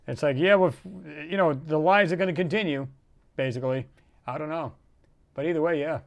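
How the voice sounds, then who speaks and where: A man hosting a casual livestream, rambling and animated as he reads out viewer comments and reacts to them. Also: fairly high pitch, a little fast. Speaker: livestream host.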